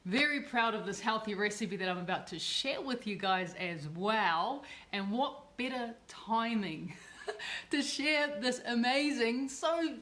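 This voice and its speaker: A woman hosts a livestreamed cooking demo in a bubbly, effusive way. Her voice sits a little high for a woman. She tends to circle back and repeat her words. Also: animated, unhurried, a bit bright. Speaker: cooking show host.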